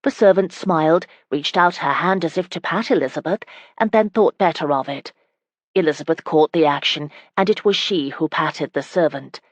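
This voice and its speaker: A woman reading a romance audiobook in calm, even storytelling. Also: sits low, moderate pace, no echo. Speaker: audiobook narrator. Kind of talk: scripted audiobook narration.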